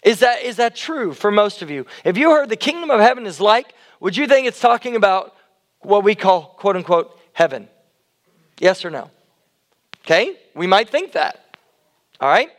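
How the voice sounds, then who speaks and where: A middle-aged man preaching a conversational sermon, loud and chatty, often putting questions to the congregation. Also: high-pitched, very animated, normal speed. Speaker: pastor. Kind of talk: interactive sermon.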